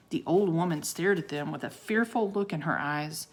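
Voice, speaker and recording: A woman reading a children's chapter book aloud in an expressive storytelling manner. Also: low voice, normal speed, few pauses.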